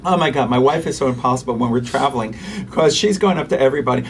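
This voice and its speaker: A man, a pediatrician and interview guest, who talks animatedly and acts out quick voices for parents and toddlers. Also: mid-range voice, far from the mic. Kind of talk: conversational interview.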